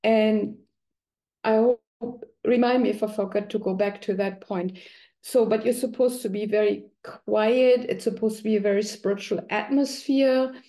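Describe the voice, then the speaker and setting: A woman's voice: mid-range voice, fairly even intonation, normal speed, mellow. A middle-aged woman talking conversationally, now and then acting out quoted voices. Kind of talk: explanatory talk.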